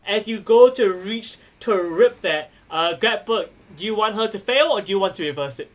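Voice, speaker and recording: High-voiced man running a wrestling game. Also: moderate pace. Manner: playful, laughs often, draws out moves. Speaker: game master. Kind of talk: narrating a tabletop wrestling game.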